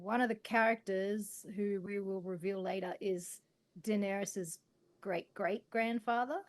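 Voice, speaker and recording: A woman's voice: mid-range voice, fairly even intonation, a little slow. A woman co-hosting a podcast in casual live-streamed chat, laughing and self-deprecating. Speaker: podcast co-host.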